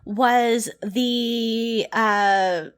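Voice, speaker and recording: Young woman, podcast co-host, casual chat, sweary, animated, fairly high voice. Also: extremely slow, clear, resonant tone.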